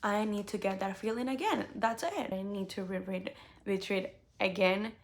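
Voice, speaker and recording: A young woman vlogger chatting casually about books she loves, gushing and animated, full of "like" fillers. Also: mid-range voice, moderate pace. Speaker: book vlogger. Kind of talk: casual book tag chat.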